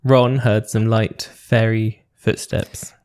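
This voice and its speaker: Podcast cohost, laid back, just going over what happened. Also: male voice, lowish voice, little pitch movement, slow, a little mellow, clean tone. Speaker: podcast co-host. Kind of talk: casual chat.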